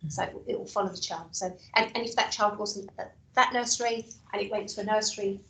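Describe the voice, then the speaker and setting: A woman council officer with a hoarse, failing voice, explaining at a committee meeting. She talks hesitantly, repeating words and using many fillers. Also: mid-range voice, steady tone, fast, a bit bright, roomy sound, distant mic, rough recording. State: losing her voice, coughing.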